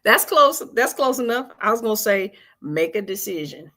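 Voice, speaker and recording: A woman hosts a weekly spiritual vigil on a live stream, speaking informally and earnestly, repeating phrases and coaxing her listeners to respond. Her mid-range voice is expressive, bright, and forceful, delivered at a moderate pace.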